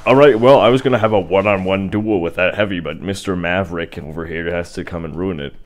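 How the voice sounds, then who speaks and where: A man's voice: low voice, fast. A young man giving casual, rambling commentary over his own gameplay, with sarcastic asides. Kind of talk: casual let's-play commentary.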